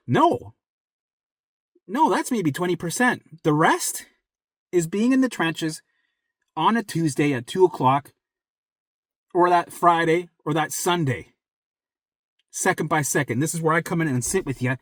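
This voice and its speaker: A man's voice: lively intonation, a little slow, pauses often, no echo. Blunt, swearing man coaching viewers. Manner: blunt, swears a lot, repeats himself for emphasis; drops to a low, soft, close voice when reassuring. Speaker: recovery coach. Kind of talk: direct motivational talk to viewers.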